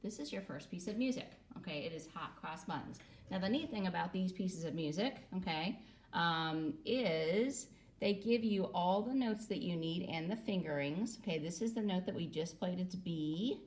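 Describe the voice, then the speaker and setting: A woman's voice: fairly low pitch, expressive, normal speed, darkish tone. A woman music teacher gives a recorder lesson to children, patiently adding "okay?" after nearly every phrase.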